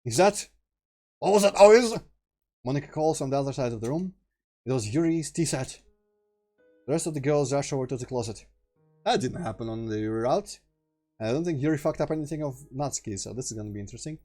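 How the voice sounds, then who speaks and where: A man's voice: mid-range voice, fast talker, warm tone, soft background music. A young man streaming a visual novel, reading the narration aloud and muttering casual asides.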